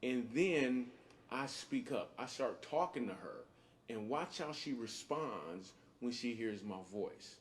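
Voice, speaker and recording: Comedian dad talking easy and excited, middle-pitched guy, bit of background hum. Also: slow pace. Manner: relaxed, enthusiastic, conversational. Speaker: comedian and father. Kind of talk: video testimony.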